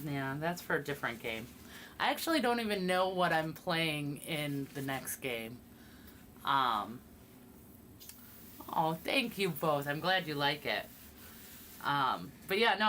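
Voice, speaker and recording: A woman's voice: low voice, big pitch swings, a little slow, fairly bright tone, slight background noise. A woman streaming while painting miniatures, chatting casually and rambling with fillers. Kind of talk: casual chat.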